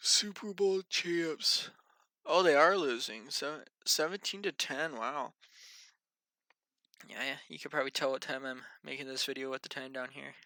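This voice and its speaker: A man's voice: fairly high pitch, bright, forceful tone, no echo. A tired, yawning man giving a casual, rambling weather briefing and muttering to himself as he thinks aloud. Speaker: amateur weather vlogger.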